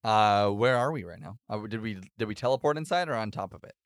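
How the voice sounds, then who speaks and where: A young man playing a tabletop game, jokey and excitable. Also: fairly low pitch, fast talker, no room sound, studio quality. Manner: jokey, excitable, yelps and laughs. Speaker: player.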